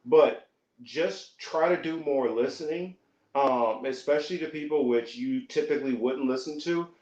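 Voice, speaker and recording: A man's voice: medium pitch, moderate pace, darkish tone. A man talking as a podcast guest in casual chat, hesitant and earnest. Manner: hesitant, many fillers and restarts, earnest. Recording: echoey, dull lo-fi audio.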